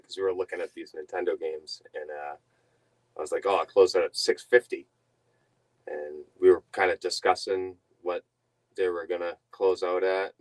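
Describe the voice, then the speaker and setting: A man's voice: low-pitched, rough recording. A young man telling a rambling story to his stream viewers, laughing often and breaking off mid-sentence. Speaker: reseller streamer.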